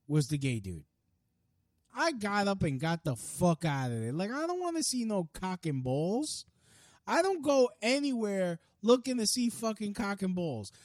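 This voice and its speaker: A young podcast host with a high, slightly mellow voice launches into a heated, profane rant. He talks fast and keeps restarting his sentences, and the studio-quality audio has no room sound.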